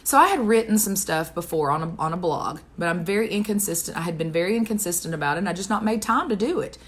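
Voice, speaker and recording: A woman with a lowish, animated voice talks fast as a devotional speaker sharing her personal testimony. She tells it earnestly and conversationally, with wide changes in pace, and ends with a prayer.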